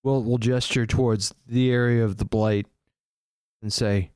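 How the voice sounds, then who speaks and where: Man, tabletop player, plain, matter-of-fact, slow, dry sound. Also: mid-range voice, steady tone, darkish tone, clear, resonant tone, no room sound. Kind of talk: describing his character's actions in a tabletop game.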